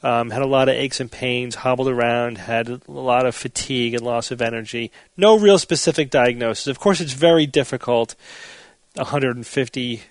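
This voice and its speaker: A man hosting a casual podcast chat, explaining things in a measured way. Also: medium pitch, no echo. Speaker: podcast host.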